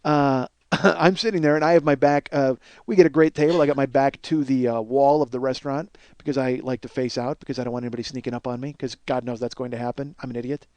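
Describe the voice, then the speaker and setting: A man in his forties hosting a podcast and telling a comic story, profane and self-mocking, and he gets loud and worked up. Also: medium pitch, fairly even intonation, fast, no echo. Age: 40s. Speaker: podcast host.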